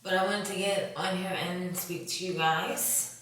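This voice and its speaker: A woman YouTuber talking in a confessional vlog, emotional and halting, with sighs, fillers and a tight throat. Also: lowish voice, fairly even intonation, fairly bright tone, a little hiss or hum. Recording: very echoey room, voice far from mic.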